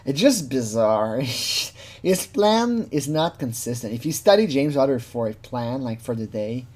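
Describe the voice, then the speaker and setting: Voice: medium pitch, expressive, measured pace, darkish tone. A casual true crime commentator who talks freely, laughs often, swears, and mimics the people being quoted.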